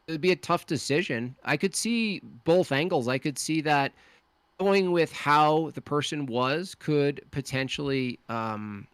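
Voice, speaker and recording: A man in a casual debate, talking with many fillers, pauses and restarts. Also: fairly high pitch, a bit bright, clear, resonant tone, no echo. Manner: hesitant, lots of fillers and restarts.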